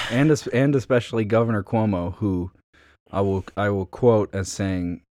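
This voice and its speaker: A man from New York chats on a podcast with plenty of ums and a wry, dry humor. His voice is on the low side. The sound is dry and close, with no room in it. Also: steady tone, a little slow, a little mellow, no echo. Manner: hesitant, full of fillers, wry. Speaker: podcast co-host. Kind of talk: casual chat.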